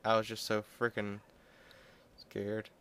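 Young guy rambling on over his game footage, smooth clean voice, just chatting whatever comes to mind. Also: on the low side, completely flat delivery, slow pace, a bit bright, no echo. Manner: rambling, offhand and joking. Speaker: gameplay commentator. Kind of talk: casual gaming commentary.

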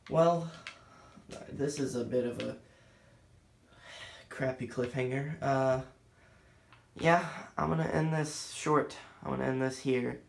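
A man rambling scattered gameplay commentary as a channel host, self-deprecating and thinking out loud, a bit winded. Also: mid-range voice, steady tone, slow, gravelly, echoey room, slight background noise.

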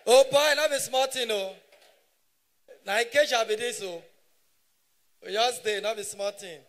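High-voiced Nigerian stand-up comedian. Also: male voice, unhurried. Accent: Nigerian Pidgin English. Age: 30s. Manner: animated, shouting punchlines in bursts. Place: stage at a live show.

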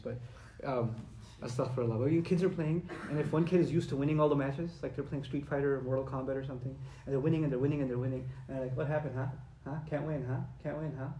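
A male preacher with a fairly high voice delivers a sermon, lively and conversational, slipping into Arabic recitation. His voice rings out in an echoey room. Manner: animated and conversational, acting out quoted voices; recites Arabic verses and sources. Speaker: Islamic preacher. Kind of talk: lecture-style sermon.

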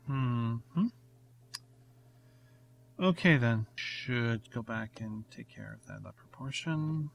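A man's voice: mid-range voice, slow, vocal fry, lo-fi sound. Man chatting over gameplay, noisy line. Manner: rambling, thinking aloud, self-mocking. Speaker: let's play host. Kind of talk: casual gameplay commentary. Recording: noisy recording with clicks.

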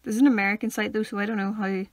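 A woman's voice: medium pitch, level tone, racing. A young woman co-hosting a podcast, playful and giggly. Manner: playful, giggly, tries out silly voices. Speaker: podcast co-host. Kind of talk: casual chat.

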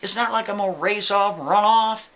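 A man's voice: sits high, brisk, sharp tone, voice pushed up. A man telling a story voices a wrongly arrested man who pleads and insists on his innocence. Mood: pleading.

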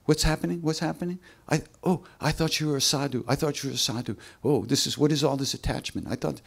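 A man doing a soft-hearted old guru. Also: fairly high pitch, fast talker, vocal fry, slightly rough, pitched above the performer's own voice. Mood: bewildered. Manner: easygoing, coaxing, casual.

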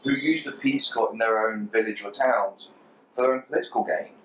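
Male interviewer, conversational and leading, lowish voice, roomy echo. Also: brisk. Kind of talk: casual interview. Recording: roomy echoey recording.

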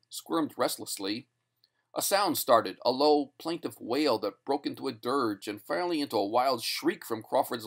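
A man narrates a short story in an even, measured voice of middle pitch. His reading is steady and scripted, carrying the plot along without hurry.

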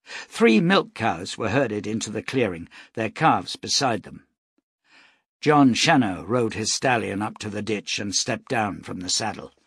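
A man narrating an audiobook in a steady, measured storytelling voice. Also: on the low side, gravelly, husky, no room sound, studio quality.

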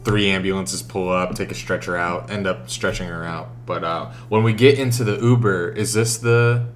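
A man's voice: sits low, steady tone, normal speed, a little hiss or hum. A man co-hosting a podcast, recounting a trip in a chatty, teasing way. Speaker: podcast co-host. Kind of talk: casual chat.

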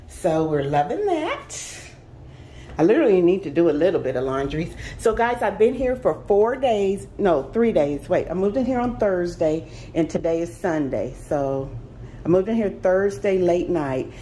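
A woman's voice: lowish voice, very animated, normal speed, warm tone, slight background noise. A young adult woman vlogging casually as she walks through her apartment, chatting enthusiastically and straight to her viewers. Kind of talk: casual apartment tour vlog. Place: indoors in an apartment, walking room to room.

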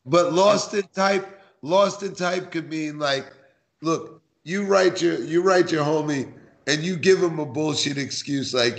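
A man from New York City, a podcast guest, talking in an animated, barky way and acting out quoted lines. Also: a little high, unhurried, gravelly. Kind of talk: casual podcast conversation.

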